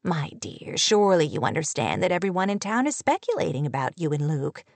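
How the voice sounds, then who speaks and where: A woman reading an audiobook, voicing an eager, sly older woman teacher who gossips in a soft, hushed way. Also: deep voice, sing-song, brisk, no echo. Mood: hushed confiding.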